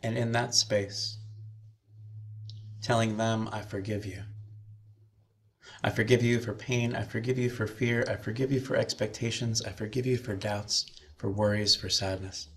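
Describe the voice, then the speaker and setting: Gravelly-voiced man guiding a meditation. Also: lowish voice, steady tone, slight background noise. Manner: slow, soothing guidance with breathing cues. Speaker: minister. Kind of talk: guided meditation talk.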